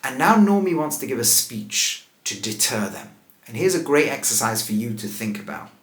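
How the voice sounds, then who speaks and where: Animated male rabbi in a roomy space. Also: medium pitch, moderate pace. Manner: lively, asks rhetorical questions, laughs at the text. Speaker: rabbi teaching. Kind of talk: animated scripture lesson.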